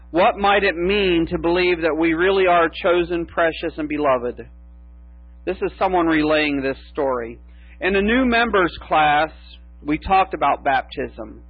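A man preaching a sermon as pastor, slow and emphatic with long pauses. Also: fairly high pitch, breathy edge, dry recording. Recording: tinny phone-like sound with mains hum.

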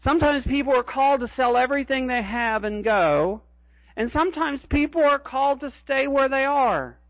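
A man's voice: very high voice, expressive, normal speed, no echo, dull audio. A middle-aged man preaching a sermon as a pastor, earnest and emphatic, repeating his key phrases.

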